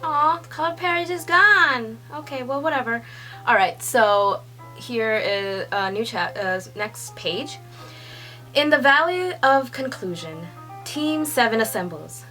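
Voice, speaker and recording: A young woman reading a manga chapter aloud and reacting with gushing excitement, swearing and laughing often. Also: fairly high pitch, takes it slowly, faint music behind. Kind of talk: excited read-along reaction.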